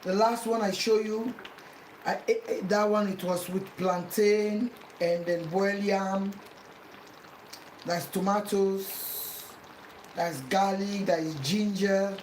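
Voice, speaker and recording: A woman's voice: medium pitch, fairly even intonation, slow pace, darkish tone, reverberant, far from the mic, slight background noise, poor audio. A Sierra Leonean woman chatting casually while cooking at home, self-mocking and pleading with viewers for likes. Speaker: cooking vlogger. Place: home kitchen.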